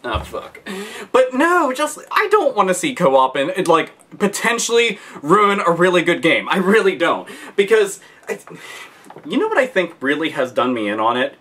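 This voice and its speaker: Male gaming vlogger, animated profane rant, bright and lively voice. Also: sits high, normal speed. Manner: animated, heavy swearing. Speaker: video game commentator.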